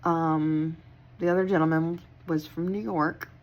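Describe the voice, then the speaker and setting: A woman's voice: sits low, steady tone, measured pace, highs cut off. A young woman who works at a hotel, telling a story in a blunt, casual way with plenty of swearing and a tired, wry tone. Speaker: hotel worker.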